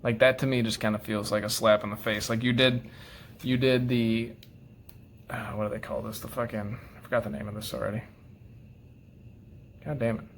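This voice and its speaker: A frustrated man delivers a profanity-laced rant straight to camera. He rambles, trips over his words, and circles back. Now and then he softens into apologetic asides. His voice sits at an ordinary middle pitch. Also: level tone, moderate pace, slight background noise. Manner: self-deprecating, apologetic asides. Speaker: knife collector vlogger. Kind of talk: casual ranting monologue.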